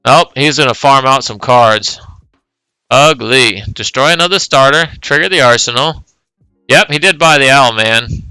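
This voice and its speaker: A man with a very bright, crisp voice, talking casually as he calls a card game tournament move by move. The sound is dry and close. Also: mid-range voice, moderate pace, no echo, faint music behind, low-quality recording. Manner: casual, play-by-play calling of moves. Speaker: tournament commentator. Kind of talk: live game commentary.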